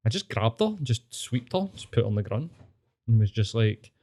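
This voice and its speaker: A man's voice: mid-range voice, big pitch swings, normal speed, a little mellow. A Scottish man hosting a podcast, telling rambling, sweary stories in casual chat. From Scotland. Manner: swears freely, rambling storytelling. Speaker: podcast host.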